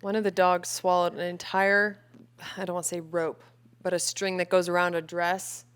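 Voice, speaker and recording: A woman in her late twenties co-hosting a casual podcast from home, dry and deadpan with short replies. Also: lowish voice, moderate pace, smooth. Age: late 20s. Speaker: podcast co-host. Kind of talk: casual chat.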